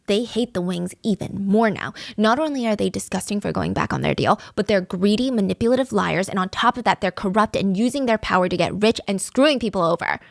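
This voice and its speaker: A woman telling a true-crime story to her podcast audience in a chatty, expressive way. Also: mid-range voice, no echo, studio quality. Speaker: storyteller host.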